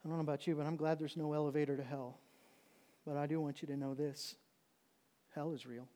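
A male pastor delivering a sermon in a slightly higher-than-average voice. He drops to a hushed, intense tone to drive points home, then bursts into loud pleading when acting out the words of others. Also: level tone, fairly quick.

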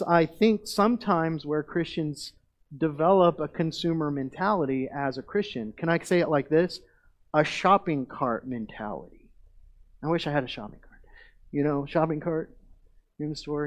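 A middle-aged man, a pastor, preaching a sermon in a conversational way that rises to emphatic declarations. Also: on the high side.

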